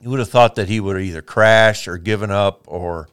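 A man's voice: lowish voice, a little fast, fairly bright tone, clear, resonant tone. A man hosting a podcast, reading odd news stories aloud with crude jokes and frequent laughter. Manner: profane, laughs often, reads stories aloud. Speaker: podcast host. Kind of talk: crude comedic banter.

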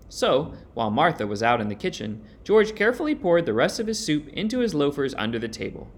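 A man narrating a children's storybook in an expressive, sing-song read-aloud manner. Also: mid-range voice, a little fast, slightly rough.

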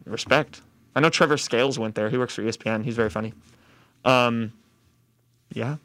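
A man's voice: medium pitch, a little fast, a bit bright, dry recording. Young male podcast host, rambling and giggly, dry close sound. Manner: giggly, rambling, with many ums. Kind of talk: casual chat.

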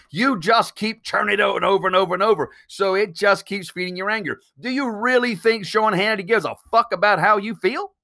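This man hosts a solo podcast in a high, pushed, bright voice. He talks bluntly and emphatically, swears freely, and fires off rhetorical questions.

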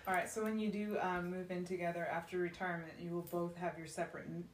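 A woman's voice: on the low side, flat delivery, fast talker. A woman co-hosting a podcast who throws in wry quips and teasing asides. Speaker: podcast co-host. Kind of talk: casual chat. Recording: roomy, distant mic with faint background noise.

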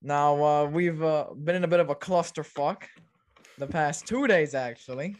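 A man's voice: fairly high pitch, normal speed. A young man co-hosting a casual sports podcast, stammering and repeating words, swearing freely. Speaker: podcast co-host.

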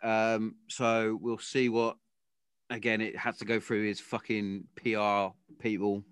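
A man's voice: lowish voice, level tone, measured pace, a bit bright, smooth, dry recording. A man in his thirties hosting a podcast, telling blunt, sweary, jokey stories in casual chat. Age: 30s. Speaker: podcast host. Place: home garden shed.

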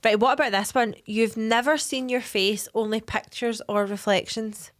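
A woman's voice: fairly high pitch, fairly even intonation, normal speed. A woman co-hosting a podcast, chatting in a wry, questioning way. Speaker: podcast co-host. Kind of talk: casual chat.

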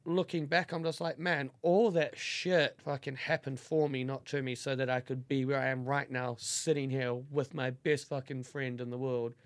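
A man's voice: mid-range voice, level tone, moderate pace, hardly any pauses. A man, a podcast guest talking in a heartfelt, rambling way with lots of swearing and fillers. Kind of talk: casual podcast chat.

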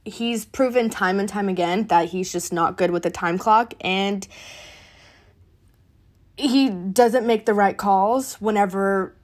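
A young adult woman hosting a podcast, ranting in casual sports commentary with heated, profane, animated talk. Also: mid-range voice, takes it slowly. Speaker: podcast host.

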